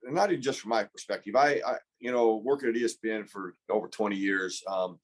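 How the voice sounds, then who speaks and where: A man's voice: on the low side, brisk. A man in his fifties, a former pro football player, telling an earnest, reflective story as a podcast guest, often restarting his sentences.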